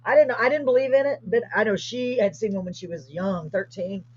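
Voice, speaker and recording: A woman with a mid-range voice and a fairly quick delivery hosts a casual chat, animatedly recounting a story. The recording is dull, lo-fi livestream sound.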